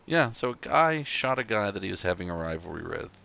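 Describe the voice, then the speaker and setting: A man roleplaying a lawyer in a game, joking, swearing freely and telling stories with lively swings. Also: sits low, fairly quick, gravelly, dull audio, slight background noise. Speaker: roleplayer playing a lawyer character. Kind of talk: in-character roleplay chat.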